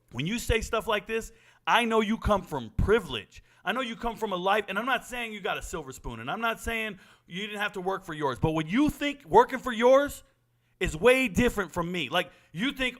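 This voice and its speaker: A man's voice: high voice, bright, forceful tone. A man, giving a blunt, profane monologue as a sports talk host. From Southern California. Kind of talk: impassioned monologue.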